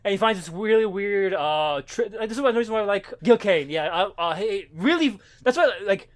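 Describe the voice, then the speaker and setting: A man's voice: sits high, expressive, a little fast. A man co-hosting a casual comics podcast, rambling with lots of fillers, restarts and swearing. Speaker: podcast co-host.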